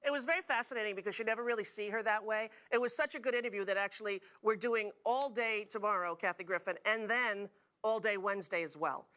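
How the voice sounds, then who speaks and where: A woman's voice: medium pitch, quick pace, fairly bright tone. A middle-aged woman hosting a talk show, telling jokey stories to a studio audience. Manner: chatty, jokey storytelling with frequent laughs.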